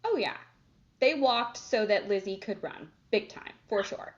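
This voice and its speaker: A playful woman in her thirties co-hosts a podcast, chiming in with quick joking asides in a mid-pitched voice. The recording sounds slightly dull. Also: animated. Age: 30s. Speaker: podcast co-host. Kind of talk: casual chat.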